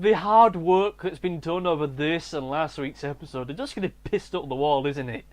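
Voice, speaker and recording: A man's voice: a little high, moderate pace, few pauses. A man rambling through a profane, comedic TV review monologue. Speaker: video reviewer.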